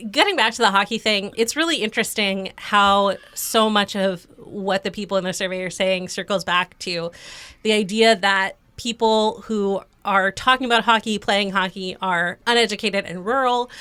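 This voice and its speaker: A woman's voice: medium pitch, fairly bright tone, clear, resonant tone, dry recording. A young woman co-hosting a podcast, explaining research in a casual, chatty way and laughing often. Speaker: podcast co-host. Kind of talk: casual chat.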